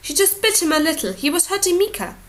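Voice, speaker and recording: Woman doing a fierce, shrill little girl. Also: very animated, fast talker. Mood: protesting. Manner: high, tearful and shrill. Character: fierce wild nine-year-old girl.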